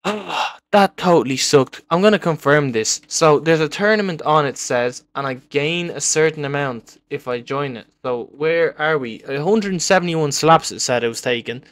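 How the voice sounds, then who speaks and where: A young man commenting live on his own gameplay, excitable and repeating words in bursts as he taunts other players. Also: a little high, moderate pace, few pauses, dry recording. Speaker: gaming video creator.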